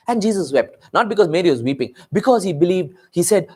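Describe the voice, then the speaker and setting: A male pastor preaching a sermon with a lively voice that swings up and down in pitch. He keeps asking his congregation questions, repeats his points and speaks to people in the room directly. He sounds like he is in the middle of a church meeting. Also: fast, hardly any pauses, slightly rough. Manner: animated preaching with rhetorical questions and asides to the congregation.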